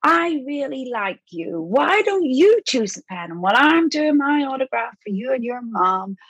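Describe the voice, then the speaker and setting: Woman impersonating a friendly male star, gentle and encouraging, pitched up. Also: sing-song, moderate pace, breathy edge, no echo, exaggerated voice. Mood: kind. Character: friendly kind male celebrity actor.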